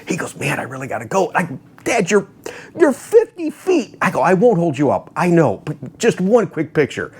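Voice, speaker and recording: Animated storytelling man, lively pitch. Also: brisk, hardly any pauses, slightly rough. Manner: animated, acts out quotes in voices, laughs often. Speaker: host of a car video channel. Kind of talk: casual storytelling to viewers.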